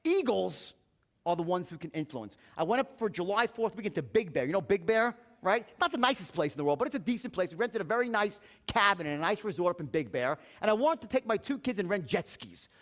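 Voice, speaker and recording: A man's voice: high-pitched, a bit bright. A man giving a motivational sales seminar, profane and anecdotal, acting out the dialogue in his stories.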